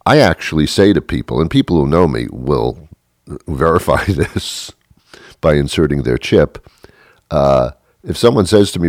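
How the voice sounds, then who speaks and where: A man's voice: extremely low pitch, lively intonation, normal speed, no room sound, studio quality. A man delivering a sardonic, grumbling comic monologue about everyday annoyances. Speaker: comedian.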